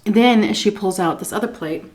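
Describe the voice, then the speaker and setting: A woman's voice: medium pitch, moderate pace. A woman food vlogger telling a story in a chatty, casual way while she eats, often breaking into laughs.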